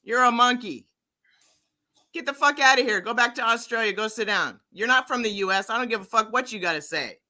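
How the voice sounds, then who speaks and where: A woman's voice: on the high side, fairly quick, sharp tone. An American woman hosting a livestream, arguing in a profane, confrontational way and repeating herself. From United States. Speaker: livestream host. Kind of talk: heated livestream argument.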